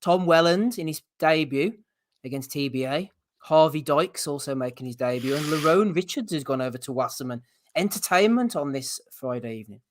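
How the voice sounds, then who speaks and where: Man reading out chat shout-outs. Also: fairly high pitch, expressive, brisk, no room sound. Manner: reads chat names, runs the show. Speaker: podcast host. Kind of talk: casual chat.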